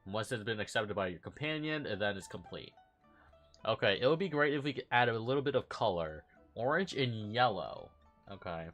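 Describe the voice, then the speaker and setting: A man's voice: on the low side, lively intonation, normal speed, a bit bright, soft background music. A man casually commenting while playing through a game event, reading dialogue aloud and gushing, with lots of ums. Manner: chatty, reads game dialogue aloud, gushes, many ums. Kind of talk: casual let's-play commentary.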